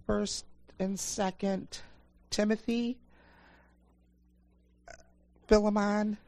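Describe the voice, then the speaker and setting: A woman's voice: mid-range voice, level tone, takes it slowly, darkish tone, no echo. A woman in a church class, reluctant and hesitant, reciting a memorized list of Bible books. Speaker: class member.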